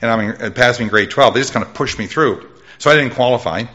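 Middle-aged guy preaching his testimony, bright forceful voice, big pitch jumps, muffled old recording. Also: fast. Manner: animated storytelling with sudden pitch jumps; loud voice. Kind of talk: testimony sermon.

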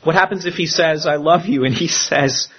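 A man preaches a sermon, acting out the quotes with lively swings of pitch. His voice is slightly high and husky. The recording sounds dull and lo-fi. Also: moderate pace. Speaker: pastor.

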